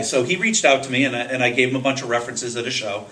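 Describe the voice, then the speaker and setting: A man's voice: mid-range voice, very fast, hardly any pauses, pushed and bright, low-quality recording. A man on a convention panel eagerly telling a personal story with self-deprecating humor, quoting the people in it. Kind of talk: casual storytelling to a panel audience.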